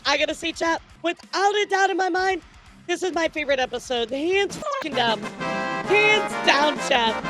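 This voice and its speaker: A young woman reacting to a video as a vtuber. Her voice is very high, and she gushes excitedly, swearing freely as she talks to her chat.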